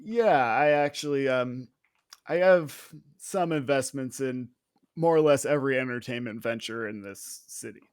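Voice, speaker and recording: Smug stiff business guy, man playing him, slow and halting, in a tabletop game. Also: mid-range voice, smooth, dry recording, clean studio sound, natural voice. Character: pompous male businessman, smug and self-important.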